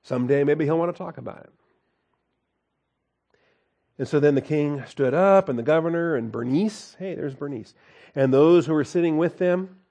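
A man's voice: on the high side, normal speed, long pauses, mellow, lo-fi sound. A man teaching a Bible study in a folksy, conversational way, reading scripture aloud and breaking off to comment with a chuckle.

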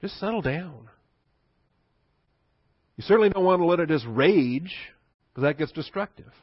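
A man's voice: on the high side, lively intonation, brisk, slightly rough, dry recording, lo-fi sound. A male pastor preaching a sermon in a conversational teaching manner, asking rhetorical questions and chuckling.

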